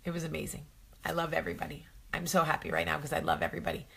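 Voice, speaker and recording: A woman's voice: low-pitched, big pitch swings, very fast, gravelly, a bit bright, breathy edge. A woman hosting a live advice chat, talking straight to viewers, chatty and effusive as she answers their comments. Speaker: host of a live advice show. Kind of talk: casual live-stream chat.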